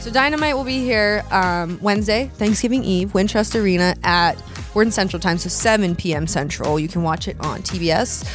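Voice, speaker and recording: A woman in her thirties, a pro wrestler who is also a dentist, answers interview questions as a guest, telling chatty, upbeat stories and often restarting her sentences. Her voice is medium-pitched and fairly quick, with faint music in the background.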